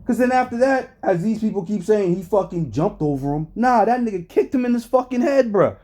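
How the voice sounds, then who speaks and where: Hyped up streamer guy, swings his pitch all over, cusses nonstop, slangy. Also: a little fast. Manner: animated, swears constantly, laughs often, slangy. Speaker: streamer reacting to a trial. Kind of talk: profane casual commentary.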